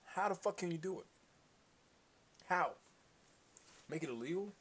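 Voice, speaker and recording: A man's voice: sits high, lively intonation, unhurried, fairly bright tone, husky. A man hosting a casual solo commentary show, profane, rambling and opinionated. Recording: faint hiss.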